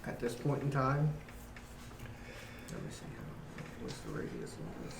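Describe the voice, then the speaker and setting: A man's voice: mid-range voice, normal speed, vocal fry. Man player, easygoing, recorded from far off in an echoey, noisy room. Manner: relaxed, asks questions. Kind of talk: casual tabletop play. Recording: echoey, distant mic, loud noise.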